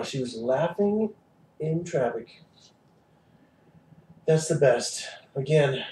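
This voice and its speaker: An improv performer playing a news anchor with mock-earnest, deliberate delivery in a comedy news parody. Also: mid-range voice, mellow, a little hiss or hum. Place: improv stage. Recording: roomy stage sound, mic far off.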